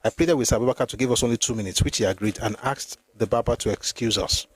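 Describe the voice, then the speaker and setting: A history channel host reads a memoir aloud with commentary, his voice husky and medium in pitch, with no room sound. He moves through the text steadily, pausing to remark on it and reread.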